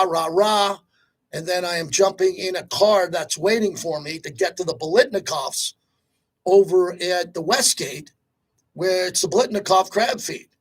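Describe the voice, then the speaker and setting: A man hosting a sports talk radio show, talking in an energetic, rapid-fire, conversational way. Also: high-pitched.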